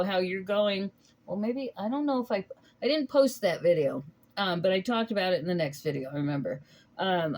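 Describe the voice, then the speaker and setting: A woman talks through a tarot reading in a loose, casual way. She rambles, stops to restart her thoughts and fills gaps with soft hesitations. Her voice sits at an ordinary middle pitch. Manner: rambling, halting, many ums and restarts. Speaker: tarot reader.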